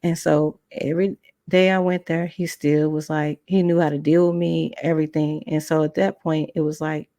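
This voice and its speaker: A woman's voice: low-pitched, flat delivery, moderate pace, mellow, no room sound, studio quality. A woman podcast host telling a personal story in a conversational way, acting out the dialogue of the people in it. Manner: conversational, acts out dialogue in voices.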